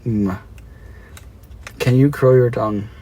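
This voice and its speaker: A man's voice: mid-range voice, steady tone, takes it slowly, warm tone. A young man with an Australian accent, chatting playfully with his viewers on a live stream from his car. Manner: playful, chatty, reads and answers chat. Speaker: livestreamer. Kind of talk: casual live-stream chat.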